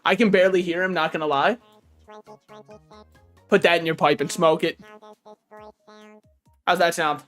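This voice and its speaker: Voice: medium pitch, steady tone, moderate pace, long pauses, fairly bright tone, soft background music. A streamer giving casual gaming commentary, joking, swearing freely and talking back to chat and the game's characters. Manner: talks to chat and game characters.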